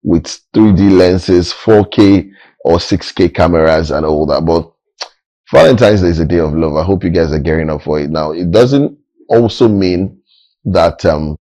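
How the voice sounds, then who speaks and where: A Nigerian man hosts a TV show in a deep, husky voice. His tone is mellow and dry, and he jokes his way through casual banter with plenty of fillers. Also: normal speed, no echo, rough recording. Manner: playful, joking banter with many fillers. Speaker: TV show host. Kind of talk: casual TV studio chat.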